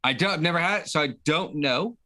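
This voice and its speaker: A man's voice: fairly high pitch, brisk, sharp tone. A man co-hosting a casual podcast over a video call, rambling and easily amused. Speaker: co-host.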